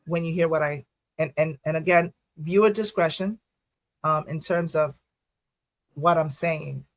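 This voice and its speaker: Animated woman telling first-responder stories. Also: sits low, no echo. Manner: animated storyteller, quick asides, frequent laughs. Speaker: first responder and poet guest. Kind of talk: casual podcast interview talk.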